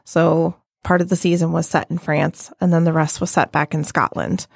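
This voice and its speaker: A woman's voice: sits low, little pitch movement, normal speed, vocal fry, darkish tone, breathy edge, no echo, clean studio sound. A woman co-hosting a podcast, chatting casually and rambling with many fillers and restarts. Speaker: podcast co-host. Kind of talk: casual chat.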